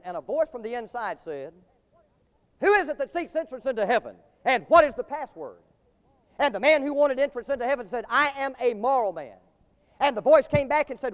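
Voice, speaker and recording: High-pitched guy preaching, swelling cadence, big reverb in a church hall. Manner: preaching with a swelling cadence, rising to loud climaxes. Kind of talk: sermon.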